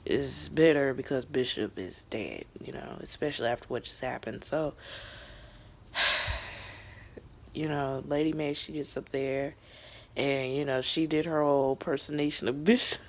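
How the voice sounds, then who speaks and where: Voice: medium pitch, a little slow, long pauses. A young adult recapping a TV episode in a casual vlog, talking in a chatty, emotional way with lots of fillers and some whispered asides. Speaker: TV show reviewer.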